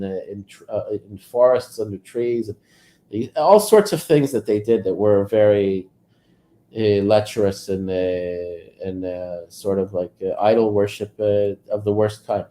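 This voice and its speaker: A man talking in a casual conversation, halting and full of "uh" fillers, with emphatic denunciations, and losing his voice. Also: on the low side, mellow. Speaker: channel host discussing scripture and politics.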